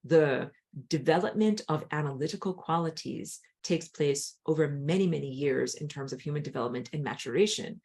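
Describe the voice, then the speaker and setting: Outdoors on a hot day, a woman with a dry throat teaches an online spiritual class. She talks animatedly and jumps high while acting out a crying child.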